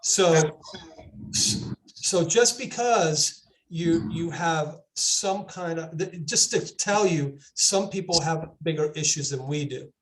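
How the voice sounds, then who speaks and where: A male real estate agent telling a story in a halting way, full of restarts, during a casual group video call. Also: fairly high pitch.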